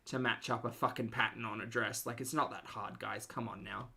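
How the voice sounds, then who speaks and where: Deep-voiced woman with sarcastic commentary. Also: fairly even intonation, fairly quick, gravelly, bright, forceful tone, husky. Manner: mocking, wry asides to chat. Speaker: reaction commentator.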